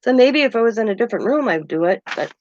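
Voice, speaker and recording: A woman's voice: on the high side, expressive, fast, no room sound. An older woman hosting a craft channel, chatting in a rambling, meandering way at home and chuckling often. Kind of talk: casual rambling chat. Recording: dull dry lo-fi sound.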